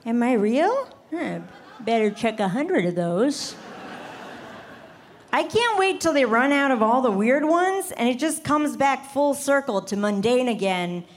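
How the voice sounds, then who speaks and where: A woman with a fairly high, lively voice delivers a stand-up set full of wry, deadpan asides. The live club recording has some faint noise underneath. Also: measured pace. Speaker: stand-up comedian. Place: comedy club stage with live audience.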